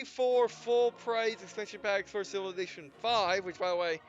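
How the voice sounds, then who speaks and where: Breathless rambling young gamer guy. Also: sits high. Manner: rambling, halting, restarts often. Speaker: let's play host. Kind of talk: casual gameplay commentary. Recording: dull lo-fi mic with faint game music.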